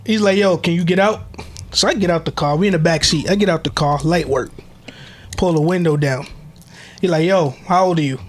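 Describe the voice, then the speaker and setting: Speaking a little fast in a higher-pitched voice, this male podcast co-host chats casually, swapping wild stories in loose slang and frequently laughing.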